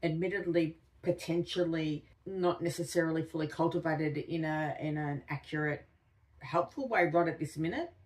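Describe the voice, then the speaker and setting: A woman co-hosting a podcast, reflecting slowly and thoughtfully in casual conversation. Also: low voice, a little mellow, distant mic. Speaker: podcast co-host.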